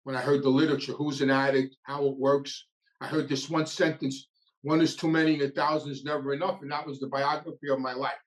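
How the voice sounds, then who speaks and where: A man's voice: medium pitch, level tone, a little fast, poor audio. A man, telling his recovery story in a blunt, streetwise way, often repeating and restarting phrases. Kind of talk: casual storytelling monologue.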